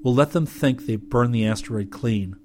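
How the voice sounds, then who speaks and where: A man voicing a decisive young male space marine officer who gives brisk commands. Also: medium pitch, noisy background, lightly acted. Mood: commanding.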